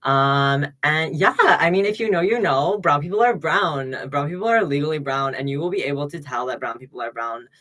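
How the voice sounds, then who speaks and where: A man hosting a casual livestream rant into a laptop's built-in mic, sassy and rambling, swinging between loud remarks and low mutters. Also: fairly quick, few pauses. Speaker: livestream host.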